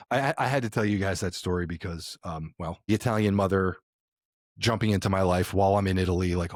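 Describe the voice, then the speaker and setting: A man co-hosting a podcast, telling a story in casual chat, animated and laughing often. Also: low-pitched, dry recording, studio quality. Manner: animated, laughing, swings into quoted voices. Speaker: podcast co-host.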